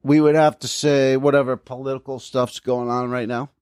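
A man in loose, casual podcast chat, spinning long anecdotes and slipping into the voices of the people he quotes. His voice sits at a middling pitch. The sound is dry and close, with no room around it. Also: level tone, normal speed, darkish tone, clear, resonant tone, no echo. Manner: rambling storyteller, acts out quoted people. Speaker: podcast co-host.

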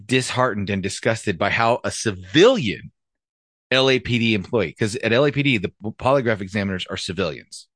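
A man's voice: lowish voice, animated, fairly quick, fairly bright tone, no room sound. A man hosting a podcast and telling his own stories in casual chat, plainspoken and frank. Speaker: podcast host, former police officer.

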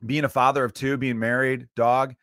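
A podcast host in his thirties from the Chicago area rants alone on his show at normal speed, his voice at an ordinary middle pitch. He's profane, animated, and grows preachy. The sound is close and dry, without room echo.

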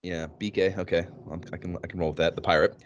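A man co-hosting a casual gaming podcast, animated and laughing often as he tells stories. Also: deep voice, fast talker, lo-fi sound, slight background noise. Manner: animated, laughing, swearing freely. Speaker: podcast co-host.

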